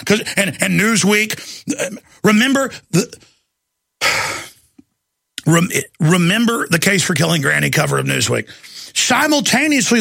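A man hosting a talk show, delivering a heated, ranting monologue with bursts of shouting. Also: high voice, vocal fry, no echo.

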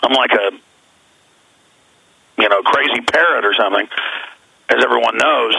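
Gravelly, forceful Texan talk radio man. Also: mid-range voice, moderate pace, slight background noise, rough recording. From Texas. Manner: rambling, emphatic storytelling with frequent restarts. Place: on the road, away from the studio. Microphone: phone.

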